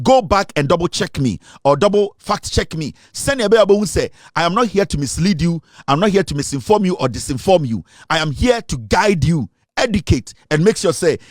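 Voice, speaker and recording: A Ghanaian radio and online show host delivers fiery political commentary from a studio, mixing Twi and English in an emphatic, lecturing style. His voice is high and the recording is dry.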